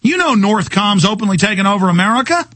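A man's voice: high-pitched, expressive, quick pace, fairly bright tone, no echo. A male radio host delivering an agitated, ranting talk radio monologue, often stumbling over repeated words.

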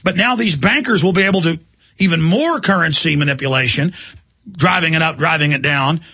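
A man's voice: a little high, a little fast, bright, forceful tone, slightly rough, no echo. A middle-aged man hosting a radio talk show, ranting in a heated, combative way and hurling insults at listeners. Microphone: studio microphone.

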